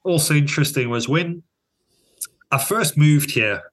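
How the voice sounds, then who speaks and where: A man's voice: a little high, unhurried, a bit bright. A man with a South African accent, co-hosting a casual podcast chat, musing aloud and often restarting his sentences. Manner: thoughtful, restarts and trails off. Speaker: podcast co-host.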